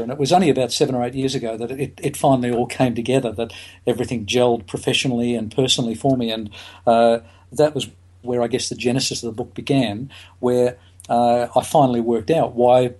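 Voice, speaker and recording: A man's voice: medium pitch, steady tone, brisk, darkish tone. Middle-aged man, podcast guest, hesitant, lots of fillers, restarts. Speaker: guest, psychologist and author. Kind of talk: podcast interview.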